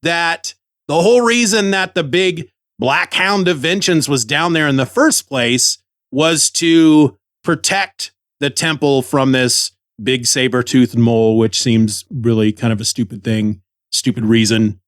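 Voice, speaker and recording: A man's voice: medium pitch, measured pace, a bit bright, dry recording. A man hosting a comic book podcast, chatty and enthusiastic, on a close microphone. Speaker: podcast host.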